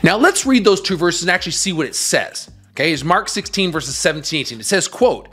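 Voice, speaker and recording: A male host delivering preaching-style commentary with emphatic, scornful force. His voice sits a little higher than most men's, and faint music plays under it. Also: big pitch swings, a little fast, pushed and bright, slightly rough.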